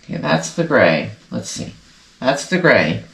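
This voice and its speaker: A woman's voice: rumbling low, huge pitch swings, measured pace. A woman hosting a casual sewing vlog, chatting to viewers in a rambling way, often correcting herself, and sounding congested. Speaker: sewing channel host. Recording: echoey room.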